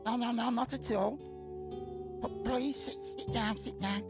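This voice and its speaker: A woman's voice: on the high side, fairly even intonation, unhurried. A woman voicing a nervous, lovestruck young male soldier, dubbing game lines aloud in a put-on British regional accent full of crude slang. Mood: flustered. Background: game music.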